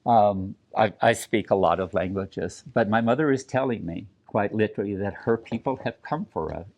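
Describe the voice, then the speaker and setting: An older man from New Mexico, telling personal family stories at a community event in an earnest, reflective way, pausing and restarting as he speaks. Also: lowish voice, darkish tone, highs cut off. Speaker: storyteller. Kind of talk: personal storytelling talk.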